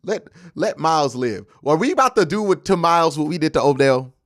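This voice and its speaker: A man's voice: fairly high pitch, fairly quick, no room sound, clean studio sound. A young man hosting a casual live-stream sports show, arguing his points with energy and answering viewers' chat messages. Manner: animated, argumentative, reads and answers viewer chat. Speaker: host of a live football post-game stream.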